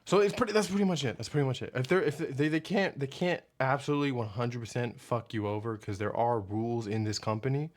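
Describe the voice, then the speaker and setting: With a mid-range voice, this young man barrels along fast with few pauses, ranting on camera as a vlogger. His delivery is rambling and full of profanity, he keeps losing his thread, and he does a hushed mock impression of his boss.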